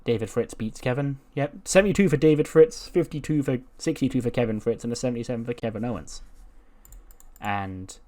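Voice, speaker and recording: A man's voice: medium pitch, brisk, mellow. A man giving casual commentary on a wrestling booking game, retelling scenes in a chatty way. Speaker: game video creator.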